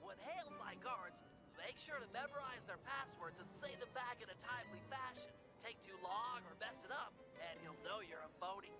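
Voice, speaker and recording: A man's voice: high voice, animated, a little fast, few pauses. A man voicing a brainy, fussy planner of a thief gang, giving precise instructions in a video game. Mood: briefing. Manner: precise, explanatory briefing. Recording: game audio with music underneath.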